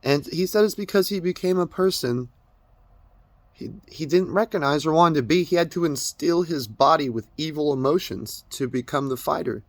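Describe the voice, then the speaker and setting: A man's voice: a little high, moderate pace, no room sound. A young man making an emotional personal confession to camera, crying as he talks, stammering and swearing as he rambles. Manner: rambling, stammering, profane, tearful. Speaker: vlogger.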